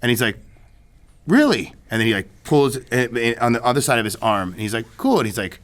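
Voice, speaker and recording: A man's voice: medium pitch, fast, a bit bright. A man telling a story in a casual interview, rambling with many restarts and asides. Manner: rambling, many restarts and "you know what I mean". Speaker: filmmaker guest.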